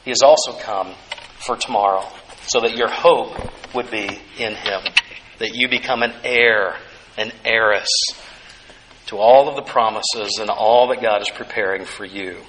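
A male pastor preaching a sermon, earnest and gentle, repeating key phrases softly for emphasis. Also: lowish voice, fairly even intonation, unhurried, a little hiss or hum, low-quality recording.

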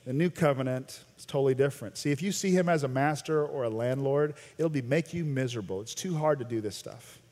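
An American man preaching a sermon as a pastor, animated, swinging between loud emphasis and quiet intensity. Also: mid-range voice, brisk, few pauses. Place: large church sanctuary. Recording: long church reverb.

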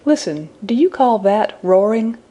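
A woman voicing an innocent young woman in a storybook reading, speaking softly and soothingly. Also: fairly high pitch, lively intonation, measured pace. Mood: tender. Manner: soft, soothing and wondering. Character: innocent gentle young woman, tender and motherly.

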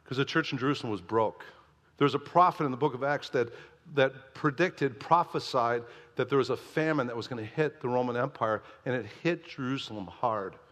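Pastor preaching in a reverberant hall. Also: male voice, medium pitch, fairly quick. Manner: storytelling, animated and conversational. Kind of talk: sermon.

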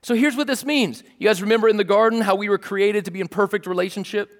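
A young adult man, a pastor, preaching a casual, animated sermon and calling out to the congregation. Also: high voice, quick pace, in a large hall. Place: large church hall.

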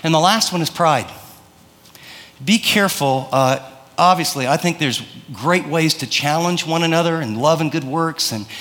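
A man's voice: fairly high pitch, normal speed, a bit bright, long reverb tail. A man preaching a sermon in a conversational way, acting out prayers and telling stories. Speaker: pastor.

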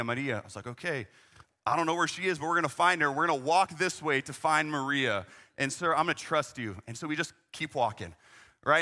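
Bright-voiced young man telling a lively story. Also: fairly high pitch. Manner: animated, conversational storytelling with many "man" and "right?" asides. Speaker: youth ministry leader. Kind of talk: storytelling talk.

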